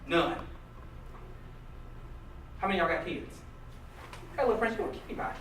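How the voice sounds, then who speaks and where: Male motivational speaker, high and lively, far off mic in a roomy, noisy hall. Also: brisk. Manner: animated, jokey, questions the crowd. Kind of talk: live motivational talk to an audience. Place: hall with a live audience. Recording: distant echoey room recording with noise.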